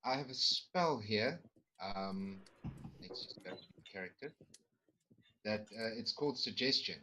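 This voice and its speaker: A man's voice: fairly low pitch, animated, a little slow, bright, forceful tone, slight background noise, rough recording. A man playing a tabletop game, rambling and restarting as he explains the rules. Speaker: player. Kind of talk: casual tabletop game chat.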